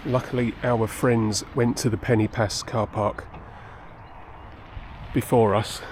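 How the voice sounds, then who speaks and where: A man's voice: medium pitch, level tone, slow, a little mellow, a little hiss or hum. A man chatting casually and self-deprecatingly while hiking up a busy mountain path, slightly out of breath, filming on a handheld phone held close. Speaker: hiker vlogger. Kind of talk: casual vlog chat. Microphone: handheld phone camera held close.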